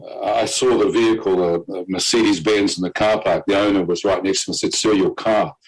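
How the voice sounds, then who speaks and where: A man's voice: low-pitched, fairly even intonation, brisk, husky, poor audio. A man, a guest on a faith program, telling his personal testimony as a vivid story, with fillers and short laughs along the way.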